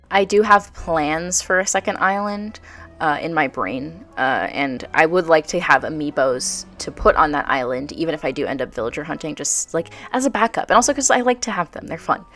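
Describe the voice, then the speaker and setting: Young woman, low-pitched voice, chatty and bubbly, soft music behind. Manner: chatty, bubbly, filler-heavy with frequent "like". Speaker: video game vlogger. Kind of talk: casual voice-over commentary.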